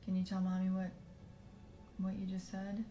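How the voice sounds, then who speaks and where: A woman talking casually to camera in a hesitant, calm way as a mother. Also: medium pitch, moderate pace, echoey room, slight background noise, rough recording. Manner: hesitant, calm talk with fillers. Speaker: mother filming a social video.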